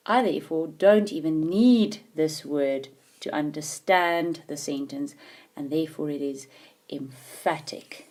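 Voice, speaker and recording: A woman's voice: deep voice, unhurried, darkish tone. A woman teaching a grammar lesson in a patient, emphatic way, stopping often to ask whether the learner follows. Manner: patient, emphatic, checks understanding with questions.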